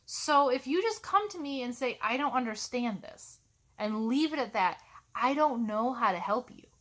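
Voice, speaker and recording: Exasperated woman teacher venting on camera, sharp bright tone, sarcastic edge. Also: high voice, expressive, normal speed. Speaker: college instructor. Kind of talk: ranting vlog to camera.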